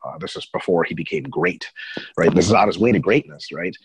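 A man co-hosting a webinar, chatting casually, joking and telling profane stories in an animated way. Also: sits low, fairly quick, slight background noise, low-quality recording. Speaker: co-host. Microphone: video call.

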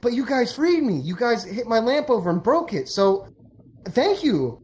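Man doing a grateful genie, eager, high-pitched, bouncy, from a joke told on a stream. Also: normal speed, a little mellow, natural voice. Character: grateful male genie freed from a lamp.

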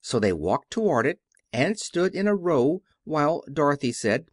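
Brief: expressive male storybook narrator, dry studio read. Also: a little high, normal speed, few pauses, dry recording. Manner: expressive, animated reading. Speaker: audiobook narrator.

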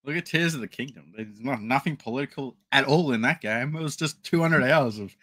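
A man's voice: mid-range voice, brisk, sharp tone, no room sound. A man chatting casually on a podcast, agreeing along and swearing lightly.

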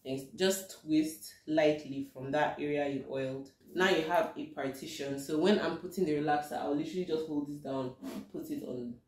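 A woman's voice: low voice, normal speed. A young woman from Nigeria chatting casually in a home vlog, with dramatic, panicky exclamations and laughter. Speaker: vlogger. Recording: roomy, distant home recording.

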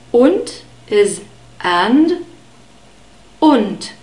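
A woman with a fairly high voice teaches pronunciation at a very slow, deliberate pace. She says each word again and again with patient care, and her voice rings in a roomy echo. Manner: patient, repeats words slowly and clearly. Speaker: German language teacher. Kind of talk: slow, careful pronunciation lesson.

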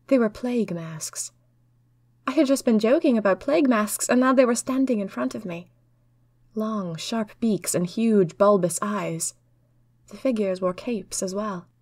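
A woman narrating a first-person diary adventure with earnest, lively delivery. Her voice sits at a middle pitch for a woman. She is recorded close and dry, with no room sound. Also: no room sound. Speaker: storyteller.

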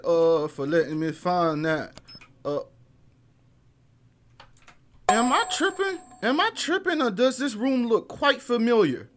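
A young man streaming a horror game, loud and jumpy at the scares, full of slang and swearing, muttering to himself as he explores. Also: high-pitched, sing-song, unhurried, a little hiss or hum. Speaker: gaming streamer. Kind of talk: horror gameplay commentary.

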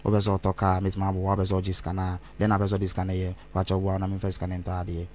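A man's voice: low voice, monotone, quick pace, darkish tone, a little hiss or hum. A man, rambling as an interview guest and mixing Twi phrases into his English. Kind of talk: candid interview talk.

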